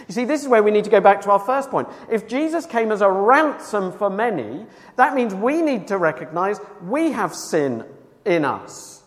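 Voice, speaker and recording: A man preaching a sermon, emphatic and earnest, moving between loud cries and hushed tones. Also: high-pitched, big pitch swings, normal speed, big-room sound.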